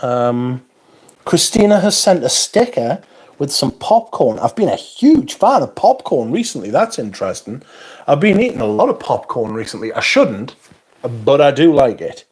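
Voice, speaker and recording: A man's voice: medium pitch, big pitch swings, moderate pace, a little mellow, husky. Tired man chatting on a livestream. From North East England. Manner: rambling, self-deprecating, frequent yawns and interjections. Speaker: livestream host. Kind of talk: casual livestream chat reading viewer comments.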